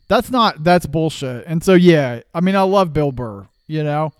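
A man's voice: on the high side, lively intonation, moderate pace, clean tone, dry recording, studio quality. A man co-hosting a podcast in casual chat, laid-back and joking, swearing freely. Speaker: podcast co-host.

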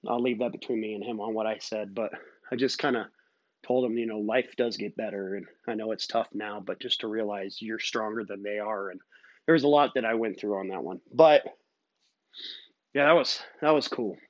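This podcast host has a lowish voice with fairly even intonation and talks at normal speed. Alone at the mic, he rambles earnestly through his stories, leaning on fillers in a casual monologue. The sound is dry and lo-fi.

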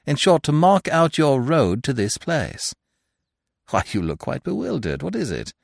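A man voicing a suave, teasing young gentleman thief who talks in a playful, mock-affectionate way. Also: on the high side, sing-song, a little slow, vocal fry, no room sound, studio quality, voice pushed up, heavily acted.

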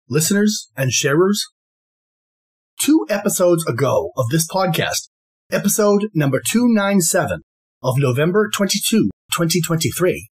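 Male podcast host, scripted monologue, husky, animated pitch, formal and emphatic.

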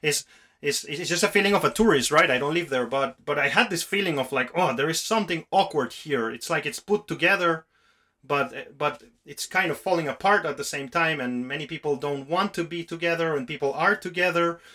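A man's voice: a little high, a little fast, bright, forceful tone. A man hosting a podcast, musing in a rambling, casual way with frequent restarts. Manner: rambling, restarts often, talks in long musings. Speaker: podcast host.

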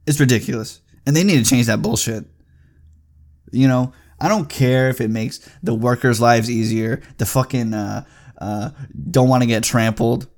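Young male vlogger, gravelly fry, swearing through a heated rant with sudden loud jumps. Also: normal speed. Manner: profane, heated ranting that swings loud and high. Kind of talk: casual storytelling rant.

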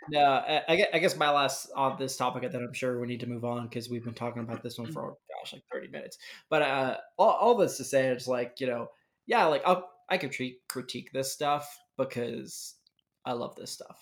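A man's voice: mid-range voice, fairly quick. A man guesting on a casual podcast, rambling with fillers and restarts and laughing easily. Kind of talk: casual chat.

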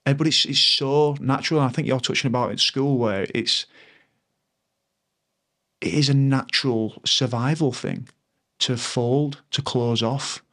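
A bit slow and fairly bright in tone, a man in his thirties who once played rugby talks as a guest on a conversational podcast. His voice is plain and mid-pitched, his manner earnest and reflective, and he keeps restarting sentences while searching for what he means.

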